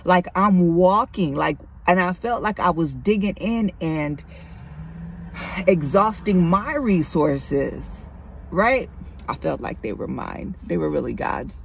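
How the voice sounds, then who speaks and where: A woman's voice: lowish voice, expressive, slow, creaky, slight background noise. A middle-aged woman speaking candidly and conversationally to her listeners, sharing a personal faith testimony. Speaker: Christian vlogger.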